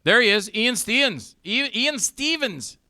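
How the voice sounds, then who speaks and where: A man's voice: extremely high pitch, big pitch swings, measured pace, bright, forceful tone, no room sound. Older man hosting a joking radio show. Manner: chatty, joking, acts out others' lines. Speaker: talk show host. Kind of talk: casual live radio talk. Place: radio studio.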